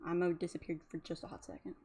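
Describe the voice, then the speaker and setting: A woman's voice: fairly low pitch, very animated, fast talker, dark tone, slightly rough, faint music behind. A woman, a drowsy, yawning streamer who rambles casually about emotions with lots of fillers. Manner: rambling, chatty, many fillers. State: sleepy, yawning.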